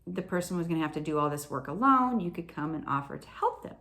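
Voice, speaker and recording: A patient, gentle God speaks in quiet, measured tones, put on by a woman recounting her prayers. The voice stays soft and unhurried. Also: low-pitched, expressive. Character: God, calm patient gentle male deity.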